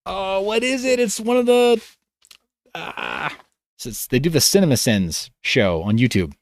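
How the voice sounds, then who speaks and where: A man's voice: high-pitched, expressive, measured pace, no echo. Tired-voiced man chatting on a livestream. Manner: rambling, loose, self-interrupting. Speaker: livestream host. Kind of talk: casual livestream chat reading comments.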